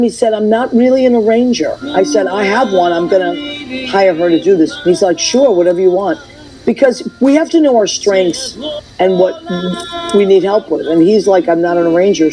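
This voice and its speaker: A woman's voice: fairly low pitch, rough recording. A woman hosting a casual radio chat, telling stories with energy and acting out the quoted lines. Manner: animated storyteller, acts out quotes. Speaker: host.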